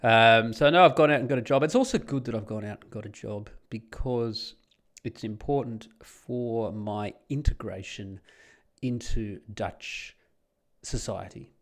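A man's voice: lowish voice, a little slow. An Australian man talking casually and bluntly on his solo podcast, rambling with sardonic asides. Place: home in the Netherlands.

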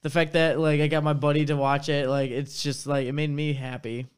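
Brief: man on the podcast crew, smooth, clear voice, rambling, hesitant storytelling. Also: on the high side, level tone, a little fast. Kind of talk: casual podcast banter. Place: studio.

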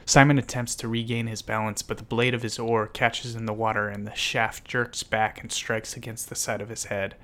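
A man's voice: on the low side, level tone, normal speed, hardly any pauses, sharp tone. A man giving scripted, vivid dramatic narration as a storyteller.

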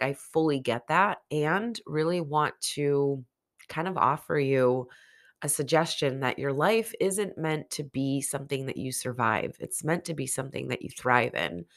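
A woman podcast host, under the weather and nasal, giving candid, encouraging self-help talk in a casual solo monologue. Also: low-pitched.

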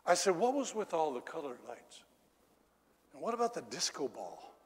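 A middle-aged male preacher telling a story in a sermon, swinging from loud exclamations down to low confiding tones. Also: big pitch swings, normal speed, breathy edge. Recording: echoey hall reverb.

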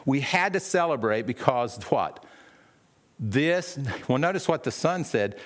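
A man's voice: medium pitch, sing-song, normal speed. A man preaching a sermon in a conversational way, with many restarts and questions to the listeners. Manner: acts out the brothers' lines in a raised, sharp voice.

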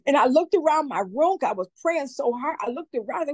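A woman's voice: sits high, expressive, brisk, dry recording, rough recording. A woman speaking as a community advocate guest, giving heartfelt, emotional testimony and often repeating herself.

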